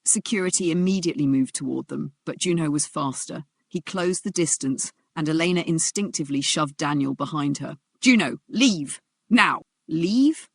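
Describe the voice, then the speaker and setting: A narrator reading a dramatic story in a steady storytelling voice. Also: medium pitch, fairly quick, vocal fry, hardly any pauses, no room sound.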